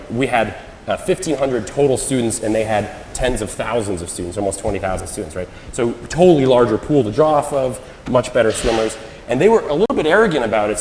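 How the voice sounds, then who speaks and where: A man from the United States giving a conference talk, telling a story with lively energy and acting out what people said. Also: medium pitch, slight background noise. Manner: animated storyteller, acts out quoted lines. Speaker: conference speaker. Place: large hall. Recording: roomy hall with long reverb.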